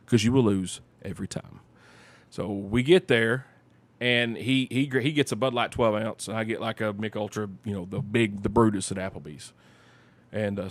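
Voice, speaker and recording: A man telling rambling, animated stories in casual chat and acting out the quotes. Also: fairly low pitch. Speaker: podcast guest storyteller.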